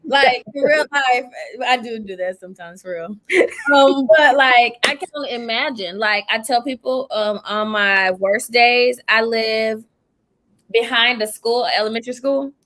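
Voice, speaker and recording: A young woman preacher in casual chat, telling stories in an animated, emotional way with church expressions. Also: fairly high pitch, unhurried. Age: young adult. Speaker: preacher and podcast host.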